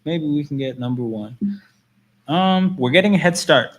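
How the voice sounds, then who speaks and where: A man's voice: fairly high pitch, animated, normal speed. A man hosting a casual livestream, talking loosely and answering chat messages as they come in. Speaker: livestream host.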